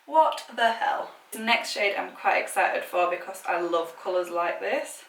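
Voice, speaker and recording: This British woman's voice runs on the low side, gravelly yet fairly bright, with fairly even intonation and a moderate pace. She vlogs casually about makeup swatches, gushing with many filler words, in an echoey room with a distant mic.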